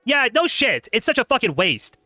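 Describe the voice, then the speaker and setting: A man live-streaming casual commentary, talking rapidly with lots of filler words, tired from a long stream. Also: very high-pitched, big pitch swings, sharp tone, dry recording, soft background music. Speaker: streamer reacting to clips.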